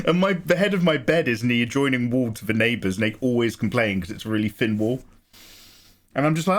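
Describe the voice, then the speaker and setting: A man's voice: medium pitch, animated, quick pace. A tired man with a chatty, laughing way of talking, answering his live stream chat from a small home studio.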